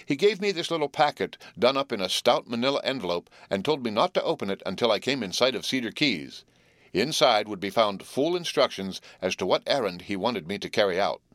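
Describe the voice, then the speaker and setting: A man's voice: lowish voice, very animated, fairly quick, a bit bright, no room sound. A man voicing an earnest teenage boy who leads his friends and explains the trip plans, in a dry storybook reading. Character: eager teenage boy, trip leader, steady.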